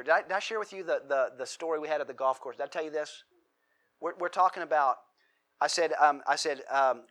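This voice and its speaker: A man preaching a sermon in a conversational way, repeating and restarting words, and building to animated stories. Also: on the high side. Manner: conversational, animated storytelling with rising emphasis.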